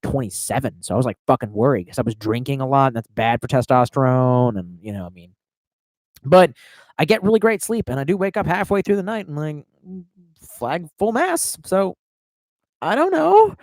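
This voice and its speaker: A man's voice: medium pitch, sing-song, a little fast, darkish tone, no room sound. A man in his thirties on a livestream telling rambling, profane stories and laughing at his own tangents. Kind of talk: rambling storytelling.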